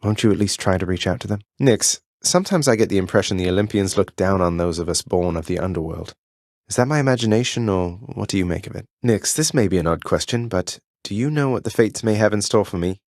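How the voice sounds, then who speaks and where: Zagreus, a deep-voiced underworld prince. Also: male voice, expressive, fast talker, darkish tone, no echo, studio quality. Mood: earnest. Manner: polite and earnest, wry with friends. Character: young male prince of the underworld, earnest and cheeky. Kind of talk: video game voice lines.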